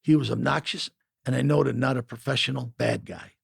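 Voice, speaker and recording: A man's voice: medium pitch, fairly even intonation, fairly quick, creaky, breathy edge, no room sound, studio quality. A man narrating a first-person memoir in a gritty, matter-of-fact way.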